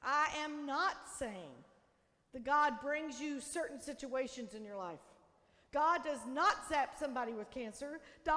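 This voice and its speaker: A woman pastor preaching a sermon, swinging between loud emphatic declarations and soft, hushed lines. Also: high-pitched. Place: church sanctuary. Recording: long church reverb.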